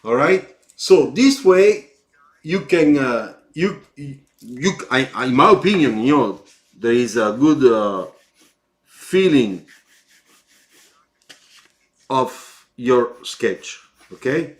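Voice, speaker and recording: A man with an Italian accent giving live feedback on car sketches, slow and halting, with encouraging asides. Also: medium pitch, lively intonation.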